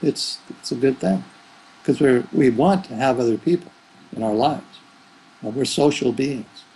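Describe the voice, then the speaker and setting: A man's voice: mid-range voice, a little slow, dark tone, breathy edge, poor audio. A man who is a spiritual teacher, giving rambling, thoughtful answers in an interview. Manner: rambling, thoughtful, with fillers and restarts.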